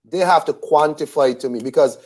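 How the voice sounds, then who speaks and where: A man co-hosting a casual boxing chat, animated and incredulous, repeating himself when he gets heated. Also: on the high side, a little fast. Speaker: boxing podcast co-host.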